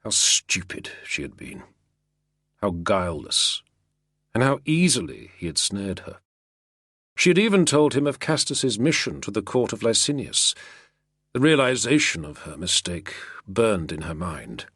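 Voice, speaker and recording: A male audiobook narrator telling a historical novel in a measured, expressive way. His voice sits low, a little husky, with lively pitch movement. The recording is dry and close. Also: dry recording. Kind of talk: scripted narration.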